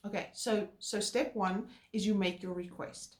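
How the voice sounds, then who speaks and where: A woman co-hosting a relationship talk, explaining calmly and earnestly with filler words. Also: medium pitch, normal speed. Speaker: co-host. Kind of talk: casual chat. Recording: roomy echo.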